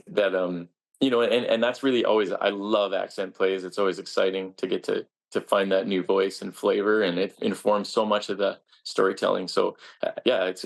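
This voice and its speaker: Gravelly-voiced actor, earnest and reflective. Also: male voice, fairly low pitch. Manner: earnest, reflective, many restarts. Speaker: stage actor. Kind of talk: interview answers.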